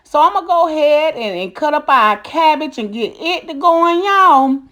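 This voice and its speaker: A woman's voice: high voice, lively intonation, normal speed, bright, forceful tone, dull audio. A middle-aged woman hosting a casual cooking vlog, folksy and chatty, calling her viewers honey and baby. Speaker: cooking channel host.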